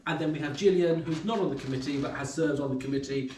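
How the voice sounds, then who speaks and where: A man's voice: a little high, fast talker, a little mellow. A man chairing a club meeting in a pub room, introducing people informally and hesitantly with many ums. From England. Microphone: far camera. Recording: roomy, distant, faint room noise.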